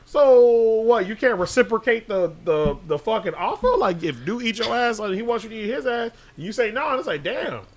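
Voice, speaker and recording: A man co-hosting a podcast, telling a crude story in casual, profane talk and jumping into loud quoted voices. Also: sits high, lively intonation, fairly quick, hardly any pauses.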